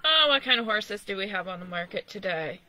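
Profane, bright-voiced gamer chatting casually. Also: medium pitch, animated, brisk. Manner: profane, laughing, talking to the screen. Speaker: gamer playing on a stream. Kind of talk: casual gameplay chat.

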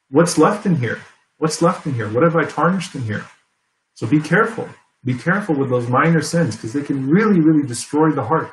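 A man's voice: medium pitch, slight background noise. A man giving an earnest religious lecture as a preacher, repeating key phrases for emphasis. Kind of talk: Islamic lecture. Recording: echoey room.

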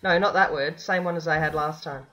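A woman hosting a gaming channel chats casually while playing an online drawing game, teasing, laughing a lot and swearing freely. Her low voice is brisk, a bit bright and fairly even in intonation, on a low-quality recording with faint background noise.

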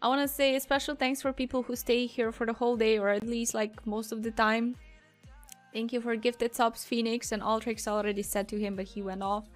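A woman's voice: fairly high pitch, little pitch movement, brisk, faint music behind. A young woman streamer, a Slovenian native speaker, chatting casually to her viewers in a vlog, tired, with a sore throat. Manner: chatty and giggly, talks to her chat and camera. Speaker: streamer and vlogger.

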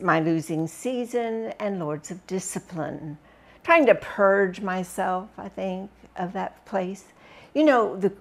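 Gravelly low-voiced woman reading a memoir. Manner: expressive, dramatic storytelling delivery. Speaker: book reviewer reading aloud. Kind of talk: first-person memoir reading.

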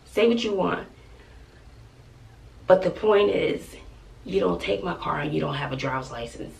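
A gravelly-voiced woman in her forties with a Texan accent vents to her vlog audience, emphatic and exasperated. Her voice sits a bit back from the microphone, with a rough fry running through it. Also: fairly low pitch, expressive, moderate pace, pauses often, distant mic. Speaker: family vlogger. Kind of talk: venting to camera.

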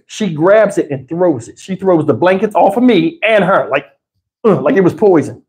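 Animated man spinning a yarn. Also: high-pitched, moderate pace. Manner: animated, profane, laughs often. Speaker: livestream host. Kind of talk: casual storytelling. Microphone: wireless lapel mic.

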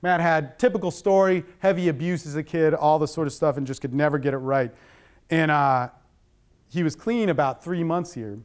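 A man's voice: on the high side, moderate pace, clean tone. A middle-aged man giving a talk on addiction with slides, speaking bluntly and conversationally with plenty of swearing.

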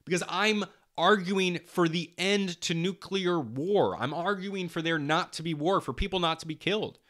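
A man's voice: sits high, moderate pace, a bit bright. A young man hosting a podcast, delivering a heated political monologue, swearing often and repeating himself for emphasis. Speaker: podcast host.

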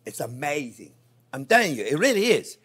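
Older french-accented man, chef demo, high lively voice, chatty. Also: brisk, noisy background. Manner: animated, chatty, addresses viewers as friends. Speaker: chef host. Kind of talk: cooking demonstration.

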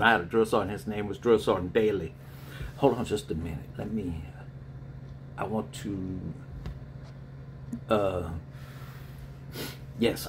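A middle-aged man, a spiritual reader, answering viewer questions in a rambling, animated way with frequent laughter. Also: lowish voice, a little hiss or hum. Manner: rambling, animated storyteller who laughs often.

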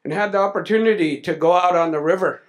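A man recounts a personal story before an audience in a loose, conversational way. His voice sits somewhat high for a man, and he pauses with small fillers as he goes. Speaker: speaker at a salmon summit. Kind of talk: storytelling in a public speech.

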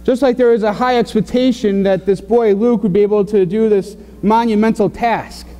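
A man's voice: high voice, fairly even intonation, moderate pace, mellow, big-room sound. A man preaching a sermon in a loose, conversational way, full of fillers and restarts. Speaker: pastor. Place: church sanctuary.

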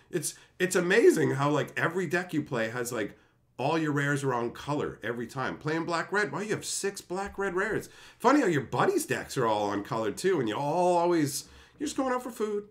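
A man hosting a live stream, telling stories in a ranting, profane, laughing way. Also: medium pitch. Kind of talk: casual storytelling on a live stream.

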